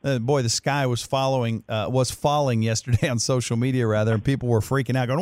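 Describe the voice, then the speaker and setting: A man co-hosting a sports talk radio show, breaking down a play with animated retelling. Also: medium pitch, quick pace, hardly any pauses, no room sound. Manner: animated storyteller, acts out quotes. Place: radio studio.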